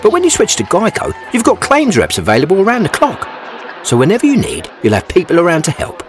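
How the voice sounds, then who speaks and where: A chatty, earnest ad mascot, high voice that jumps all over. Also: male voice, wildly swooping pitch, quick pace, soft background music. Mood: reassuring. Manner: chatty, earnest, gets choked up. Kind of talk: commercial voice acting.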